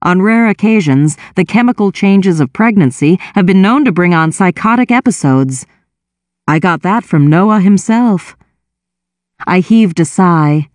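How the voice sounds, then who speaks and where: A woman reading a first-person novel aloud with wry, expressive storytelling. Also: lowish voice, unhurried, no echo, studio quality. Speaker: audiobook narrator.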